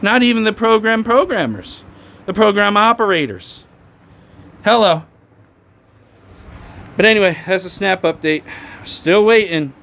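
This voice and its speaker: A man's voice: high voice, moderate pace, vocal fry, sharp tone. Sarcastic man ranting to camera. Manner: sarcastic, repeats a mocking "hello". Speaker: vlogger. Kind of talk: casual ranting vlog.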